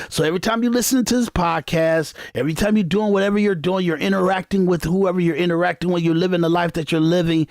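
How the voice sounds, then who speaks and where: A man's voice: high voice, vocal fry, dry recording, clean studio sound. A man hosting a podcast, delivering an emphatic, repetitive monologue of commentary that often restarts its phrases. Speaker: podcast host. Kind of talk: unscripted political commentary monologue.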